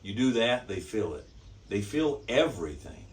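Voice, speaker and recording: Man instructor, lowish voice, emphatic and repetitive, recorded from a distance. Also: big pitch swings, normal speed. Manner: emphatic, repetitive, checks in with "okay?". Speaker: horsemanship instructor. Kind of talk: teaching demonstration. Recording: distant mic.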